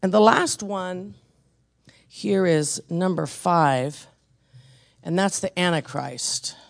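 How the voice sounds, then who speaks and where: Preacher, gravelly voice, intense testimony-style sermon, swings from hushed to forceful. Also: slow. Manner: intense storyteller, drops to hushed low tones then builds to forceful exhortation.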